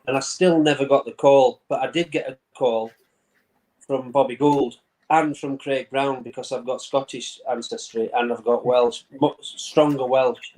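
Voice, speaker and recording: English guy in his 50s on a video call from home, rambling stories, laughs a lot, mid pitch. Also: steady tone, normal speed, darkish tone, poor audio. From England. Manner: chatty storytelling, laughs often, repeats words. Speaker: former goalkeeper, guest. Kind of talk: casual interview chat. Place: brother-in-law's man cave at home.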